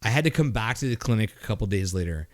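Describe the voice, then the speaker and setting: A man's voice: fairly low pitch, expressive, rapid-fire. Profane rambling man from Montreal. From Canada (Montreal). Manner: profane, rambling, with frequent restarts and "like" fillers. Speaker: podcast host. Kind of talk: casual storytelling chat.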